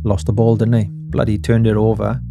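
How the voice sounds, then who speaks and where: A man's voice: on the low side, flat delivery, brisk, vocal fry, music in the background. A Welsh man hosting a podcast, telling stories with passion and self-mocking humor. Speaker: podcast host. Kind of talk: casual chat.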